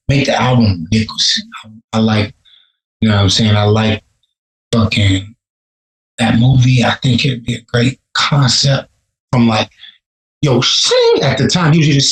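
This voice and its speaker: A man's voice: medium pitch, echoey room, low-quality recording. A man from Chicago, a rapper, telling stories in a casual, profane podcast interview. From Chicago, USA. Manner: laid-back, profane, storytelling. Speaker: rapper guest.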